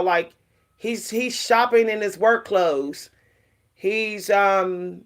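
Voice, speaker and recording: A middle-aged woman vlogging casually about self-care, talking frankly and rambling with lots of fillers. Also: medium pitch.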